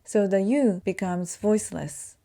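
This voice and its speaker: A woman whose first language is Japanese gives a pronunciation lesson, speaking slowly and carefully as she demonstrates sounds. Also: mid-range voice, creaky, dark tone. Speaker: language teacher.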